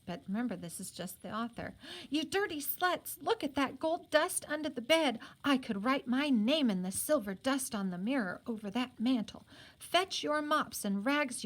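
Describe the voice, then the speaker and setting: A woman teacher reading a children's novel aloud, stopping now and then to explain the story to her students. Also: medium pitch. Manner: unhurried, stops to explain to students.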